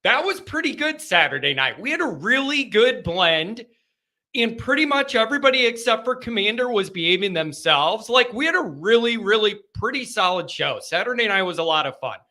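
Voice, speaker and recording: Excitable high-voiced male host. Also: normal speed. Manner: excitable, rambling, laughs often. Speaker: host of a fan call-in show. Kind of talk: casual live call-in chat.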